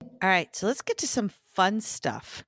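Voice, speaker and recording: A woman's voice: mid-range voice, big pitch swings, unhurried, a bit bright, no echo. A woman co-hosts a podcast with dry, joking chat. Her voice is recorded close and dead dry, with no room around it. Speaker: podcast co-host. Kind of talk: casual chat.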